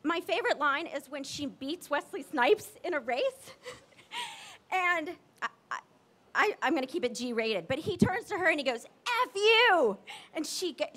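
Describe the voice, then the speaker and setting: A woman in her forties giving an emotional public tribute speech, gushing and excited, close to tears at times. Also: high voice. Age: 40s. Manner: gushing, excited and teary, quick asides. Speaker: tribute speaker at a ceremony.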